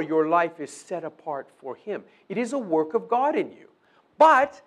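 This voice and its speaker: A man preaching a sermon, asking his listeners questions and acting out quoted prayers. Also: sits high. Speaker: pastor.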